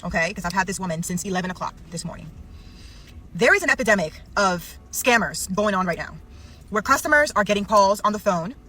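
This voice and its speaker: Bank employee woman, quick and sharp, delivering an urgent warning. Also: medium pitch. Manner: urgent, exasperated explaining. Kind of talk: warning vlog.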